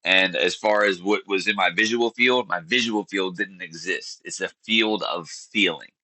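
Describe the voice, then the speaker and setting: Interview guest, man, 30s. Low, bright, earnest, halting as he hunts for words. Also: no echo, poor audio. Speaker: podcast guest. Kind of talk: candid interview storytelling.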